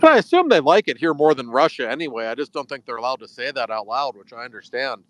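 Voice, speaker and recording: A man's voice: mid-range voice, lively intonation, quick pace, dry recording, low-quality recording. A man casually chatting as a hockey writer on a podcast, telling stories in an offhand, dry way.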